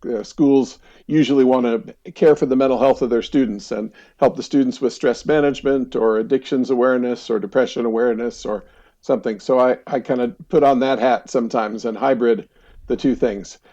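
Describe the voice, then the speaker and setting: A middle-aged man from the United States, a counselor guest, talking in a relaxed, chatty way with easy laughs and frequent fillers. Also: mid-range voice, brisk, lo-fi sound. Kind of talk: casual interview storytelling.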